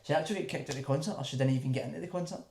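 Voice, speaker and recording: A Scottish man co-hosting a casual podcast, telling stories in a rapid, sweary, laid-back way. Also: fairly high pitch, gravelly, darkish tone, echoey room. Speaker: podcast co-host.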